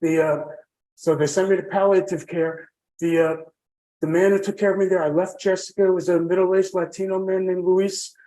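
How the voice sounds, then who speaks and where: A man's voice: high voice, level tone, moderate pace, warm tone, poor audio. A man telling his own story on a podcast as a guest, rambling and heartfelt, with many fillers and restarts.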